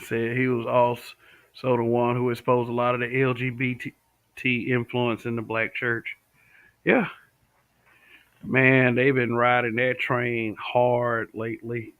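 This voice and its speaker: This medium-pitched man from the American South hosts a casual live stream, talking bluntly and responding to viewers' comments. The audio is tinny and dry, typical of a home stream, with no room sound.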